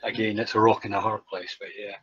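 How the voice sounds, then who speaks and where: A man's voice: lowish voice, little pitch movement, fast talker, fairly bright tone, slightly rough. A man on a gaming podcast who chimes in with questions and objections. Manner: interjecting, questioning. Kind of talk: casual gaming podcast chat. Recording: dull lo-fi mic.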